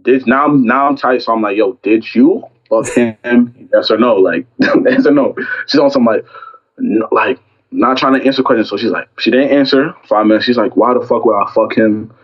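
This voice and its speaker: A man's voice: mid-range voice, normal speed, breathy edge, lo-fi sound. Young man telling a heated story. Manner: animated storytelling, acting out both sides of an argument. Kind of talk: casual chat.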